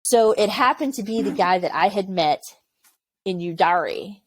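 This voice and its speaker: Her voice is mid-range and moderately paced. She's in her forties, a former Army aviation medic guesting on a podcast, and in this laid-back interview she tells frank, animated stories, imitating other people's words and laughing.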